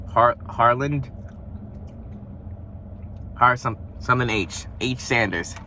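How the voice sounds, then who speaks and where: A young man talking casually through a fast-food review from his parked car, rambling and playful. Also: medium pitch, sharp tone, slight background noise. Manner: chatty, rambling, playful asides. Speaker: vlogger.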